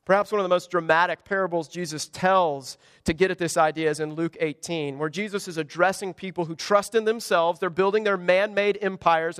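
A man's voice: high-pitched, a bit bright, clear, resonant tone. A man preaching a sermon, emphatic, asking rhetorical questions and acting out the quotes he reads. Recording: dry close mic with long hall reverb.

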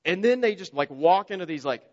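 A man preaching a sermon as a pastor, swinging between quiet, intimate asides and loud, emphatic lines, acting out the voices in his stories. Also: sits high, animated, brisk, long reverb tail, muffled recording. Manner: acts out quoted voices in story-telling.

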